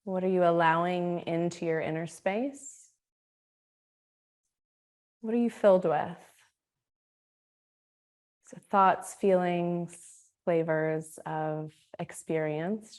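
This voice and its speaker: A woman teaching a guided meditation, speaking in a slow, soothing, gently inviting way. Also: lowish voice, fairly even intonation. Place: Australia.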